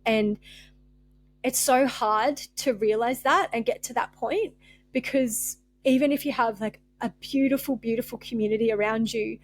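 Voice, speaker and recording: Young female podcast host, raw and near tears, rambling heartfelt delivery with a higher voice and a close, dry sound. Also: moderate pace, no room sound. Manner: rambling, open-hearted, frequent fillers and restarts. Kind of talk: candid spiritual podcast monologue.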